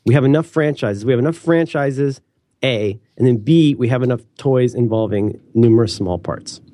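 A man in his thirties co-hosting a podcast, chatting casually in a rambling, animated way. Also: mid-range voice, normal speed, dry recording, clean studio sound. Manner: rambling, self-interrupting, animated. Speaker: podcast co-host. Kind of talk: casual chat.

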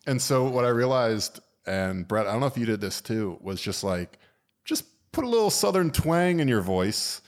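A man hosting a podcast, telling wry, joking work stories in a relaxed way. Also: mid-range voice, normal speed. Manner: wry, anecdotal, does comic voices. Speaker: podcast host. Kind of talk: casual storytelling.

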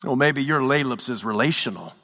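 A man pastor delivering a dramatic sermon, swinging from hushed tones to shouts. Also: medium pitch, animated, brisk, big-room sound.

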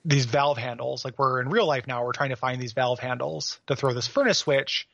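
A man's voice: medium pitch, steady tone, normal speed, vocal fry, fairly bright tone, no room sound, highs cut off. A man co-hosting a podcast, recapping a game in casual chat and laughing often at his own jokes. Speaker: podcast co-host.

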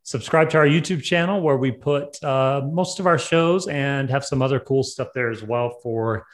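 A man's voice: mid-range voice, normal speed. A man with a Southern American accent hosting a podcast interview, upbeat and chatty with frequent fillers. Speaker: podcast host. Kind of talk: casual interview.

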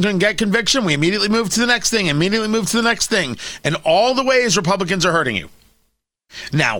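A man's voice: on the high side, pushed and bright, no echo. A man hosting a talk radio show, delivering an opinionated monologue with sarcastic, mocking asides.

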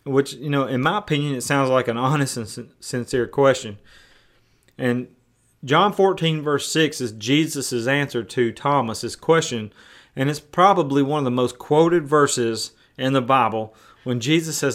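A man's voice: medium pitch, unhurried, fairly bright tone. A male pastor preaching a sermon in a conversational way, often repeating words and restarting.

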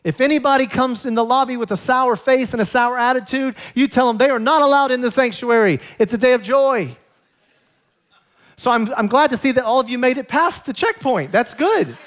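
In a church sanctuary, a high-pitched male pastor preaches a sermon at a fairly quick pace. Excitable and animated, he laughs with his congregation and blends scripture with humor.

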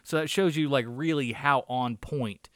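A movie review podcast co-host talks in a rambling, casual way, dropping swear words and fillers throughout. His medium-pitched voice moves at a measured pace, and the studio sound is clean with no room sound.

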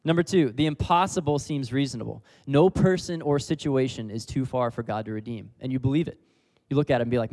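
A man's voice: medium pitch, fast talker, few pauses, darkish tone. A young man preaching a casual sermon, laughing often as he talks. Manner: casual, laughs often, leads the crowd in repeating lines. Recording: long hall reverb.

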